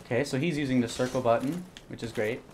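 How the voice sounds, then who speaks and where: A man's voice: mid-range voice, quick pace, noisy background. Jumpy young man narrating his gameplay. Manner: jumpy, panicky, repeats words in bursts. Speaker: gaming YouTuber. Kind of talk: live gameplay commentary.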